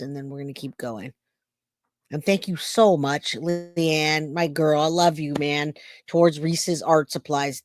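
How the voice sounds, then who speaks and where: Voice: mid-range voice, no room sound, studio quality. A true crime channel host talking casually to viewers, reacting to archive audio and addressing them as "you guys".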